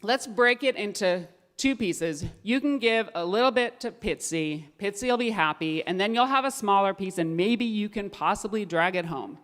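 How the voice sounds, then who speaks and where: A sly, gluttonous fox stammers out smooth-sounding offers to help, as a woman tells the story. The voice rings through a big hall with a long echo. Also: medium pitch, normal speed, few pauses, fairly bright tone, close to an everyday voice. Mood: scheming. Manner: hesitant, falsely helpful. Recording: echoey hall with long reverb.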